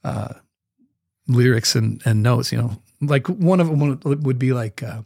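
A man guesting on an interview, telling a story with lively energy and scatting out the rhythms he describes. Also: medium pitch, a little slow, creaky, no echo, studio quality. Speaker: guest musician.

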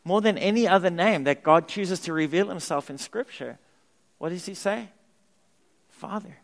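Male pastor, emphatic sermon delivery, slightly high voice, long church-hall reverb. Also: moderate pace, gravelly. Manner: animated, emphatic preaching with repetition. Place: church sanctuary.

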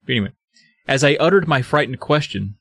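A man's voice: medium pitch, expressive, fast talker, a bit bright, husky, no room sound. A man with a dry close-miked voice, mixing dramatic read-aloud passages with sardonic, swearing remarks. He sounds like a podcast co-host riffing casually on a book.

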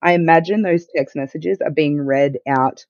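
A woman's voice: low voice, moderate pace, a little mellow, no echo. A woman guest on a podcast, telling her own story in a candid, matter-of-fact way with a wry edge. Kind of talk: casual conversational storytelling. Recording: dull lo-fi dry sound.

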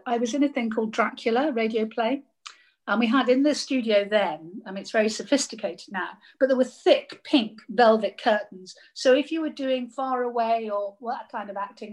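An older woman, a radio actress, telling lively anecdotes in casual chat and laughing often. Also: a little high.

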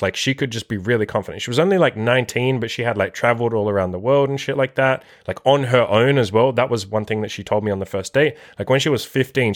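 A man's voice: mid-range voice, dry recording, clean studio sound. A young man hosting a podcast, telling a casual story in a crude, profane way and leaning heavily on the filler word "like". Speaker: podcast host.

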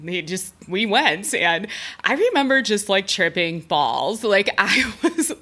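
Speaking slowly in a bright, forceful, sing-song voice of medium pitch, a young adult woman tells a personal story on her podcast. She hosts the show and facilitates breathwork, and her chatty monologue is full of laughter and "like."

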